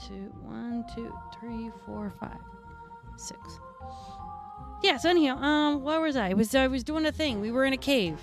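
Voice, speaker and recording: A woman's voice: sits high, lively intonation, normal speed, over music. A woman playing a brash, foul-mouthed redcap fae, a tough mechanic, who chats in character on a live stream with a New York-ish accent and rambling, streetwise talk. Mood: gruff banter.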